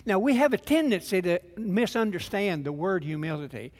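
An older pastor preaches in a high, light voice, talking plainly and folksy, stumbling over restarts before climbing into fervent emphasis. His voice rings out with a long reverb, as if heard across a large church hall. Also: sing-song, moderate pace, darkish tone. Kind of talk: sermon.

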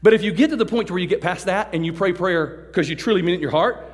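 A fairly high-voiced man preaches with lively, joking energy and slips into little impressions of the people he describes. His voice carries a long reverb from the big hall around him. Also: fast talker. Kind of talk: sermon to a youth service.

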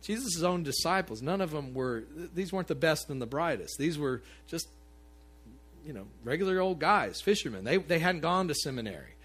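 A man preaching a sermon to his congregation in a conversational, animated way, with asides to the listeners. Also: on the high side, normal speed, breathy edge. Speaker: pastor.

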